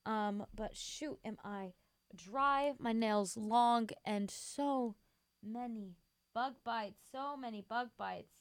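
A woman's voice: a little high, slow, clear, resonant tone, no echo. A young woman hosting a radio show, chatting casually and rambling between songs while sleepy and yawning, gushing with many fillers. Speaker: radio host.

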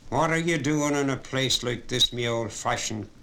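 A man's voice: medium pitch, normal speed, fairly bright tone, close to an everyday voice. A man reading an audiobook, voicing an officious, bullying male constable. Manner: pompous, threatening.

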